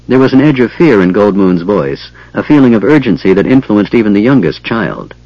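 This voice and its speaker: Brief: low male narrator, lively intonation, dry muffled lo-fi recording. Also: a little fast, few pauses, no echo. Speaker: audiobook narrator. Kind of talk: scripted narration.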